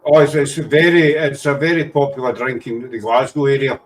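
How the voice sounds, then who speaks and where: A man's voice: mid-range voice, little pitch movement, normal speed, slight background noise. A man hosting a casual group chat, teasing and jokey.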